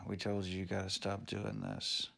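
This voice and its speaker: A man's voice: low-pitched, completely flat delivery, normal speed, vocal fry, bright, forceful tone, exaggerated voice. A man voicing a weary male police officer who sounds exasperated in a spoken story.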